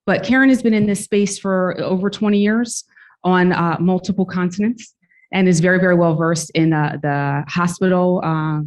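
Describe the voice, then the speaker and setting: A woman's voice: on the low side, a little mellow. A young woman moderating a session in a small conference room, speaking in a friendly, informal way with many fillers. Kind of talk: event introduction.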